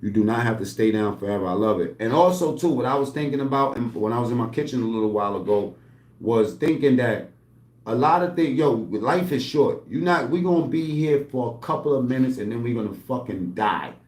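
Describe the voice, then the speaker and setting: A man's voice: medium pitch, expressive, a little fast, darkish tone. A man talking loosely and streetwise in a rambling home vlog, swearing often and drifting between asides. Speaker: channel host. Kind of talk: casual rambling vlog talk. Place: at home, indoors. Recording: echoey room.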